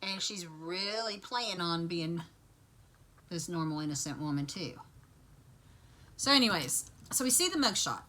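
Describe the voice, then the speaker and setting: A woman's voice: fairly low pitch, measured pace, pauses often. A woman vlogger casually retelling a TV episode to her viewers, chatty and full of asides. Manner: chatty, lively storytelling with asides.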